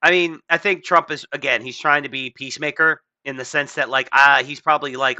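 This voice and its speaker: A man's voice: medium pitch, a little fast, few pauses, sharp tone, dry recording, highs cut off. A man hosting a podcast, rambling in casual political chat, swearing and putting on mocking voices. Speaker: podcast host.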